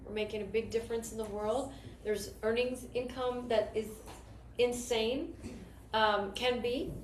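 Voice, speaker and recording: A woman's voice: on the high side, fairly even intonation, unhurried. Enthusiastic woman, roomy echo. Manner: enthusiastic, rambling, storytelling. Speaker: network marketing team leader. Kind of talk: casual motivational talk. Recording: roomy echo with faint noise.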